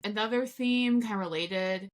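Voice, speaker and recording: A woman's voice: medium pitch, moderate pace. Chatty woman co-hosting a podcast. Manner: chatty, laughs often, acts out quotes. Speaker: podcast co-host. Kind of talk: casual film review chat.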